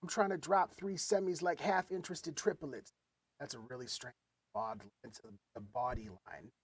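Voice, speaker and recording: A man's voice: on the high side, steady tone, normal speed, breathy edge, dry recording. A man chatting loosely and profanely while producing music on a studio mic. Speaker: music producer streaming a session. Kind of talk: casual chat while producing. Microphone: dynamic studio mic.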